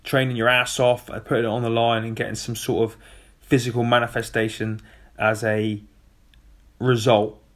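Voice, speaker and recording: A man's voice: mid-range voice, little pitch movement, moderate pace, fairly bright tone. Earnest man talking to his followers. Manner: earnest and upbeat, with frequent ums. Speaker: athlete vlogging to his followers. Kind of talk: casual video diary. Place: hotel room, alone.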